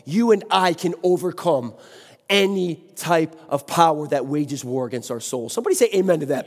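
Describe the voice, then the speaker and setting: A man's voice: a little high, lively intonation, normal speed. A man preaching a sermon with passion, exclaiming and speaking to the congregation. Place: church sanctuary. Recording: long hall reverb.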